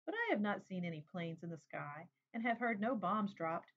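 A woman reading a memoir aloud in a steady, plain, unhurried way. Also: mid-range voice. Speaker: reader. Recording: dull lo-fi recording.

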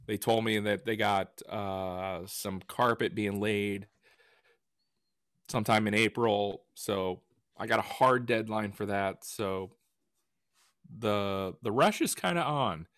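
A man co-hosting a podcast in casual chat, telling stories with lively retellings. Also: on the low side, takes it slowly, clear, resonant tone, dry recording, studio quality. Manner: animated storyteller who acts out quotes. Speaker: podcast co-host and woodworker.

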